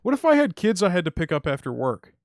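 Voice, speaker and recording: A man's voice: high-pitched, sing-song, fast, dry recording, studio quality. A young man streaming, venting heatedly about his delivery job with frequent swearing. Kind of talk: casual stream rant. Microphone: streaming mic.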